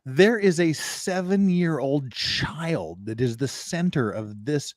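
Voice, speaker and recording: A man's voice: a little high, lively intonation, slow, dry recording, studio quality. A man hosting a casual commentary chat, a lawyer talking bluntly and sarcastically with frequent swearing. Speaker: host, lawyer.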